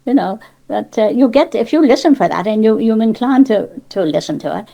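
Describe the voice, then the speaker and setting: A woman's voice: on the high side, animated, a little fast, vocal fry, mellow, lo-fi sound. An older woman from Cornwall with a Cornish accent, chatting in an interview about dialect, rambling with many restarts and asides. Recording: cassette tape.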